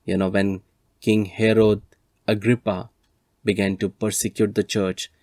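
A man preaching a sermon with a low, fairly level voice that rarely swings far. He retells scripture stories earnestly and builds to firm appeals. The sound is dry and close, with no room echo. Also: little pitch movement, unhurried, a little mellow.

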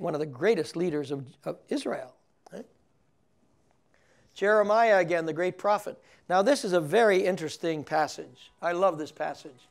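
A man's voice: high voice, gravelly, darkish tone. An older male priest teaching on scripture, reading passages aloud, chuckling often and checking in with his listeners. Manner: chuckles often, reads scripture aloud, asks the audience questions. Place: recorded for television broadcast.

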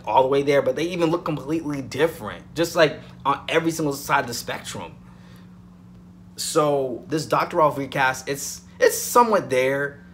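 Man, mid-pitch, chatty soap vlogger, faint hum in the background. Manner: animated, repeats himself, addresses viewers as guys. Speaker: soap opera reviewer. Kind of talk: casual vlog review.

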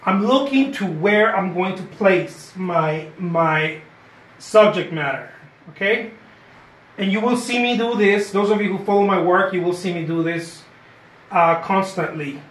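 Guy with a highish voice chatting thru a painting demo, keeps saying okay, echoey studio. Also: measured pace, a bit bright. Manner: chatty, encouraging, repeats phrases, says "okay?" often. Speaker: painter giving a live demo. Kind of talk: live painting lesson. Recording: roomy echo.

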